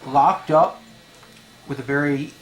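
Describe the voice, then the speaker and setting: A man running a tabletop game as dungeon master, pausing often and filling gaps with "um" as he describes the scene. His delivery is halting and casual. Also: on the high side, steady tone, slight background noise. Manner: halting, many fillers.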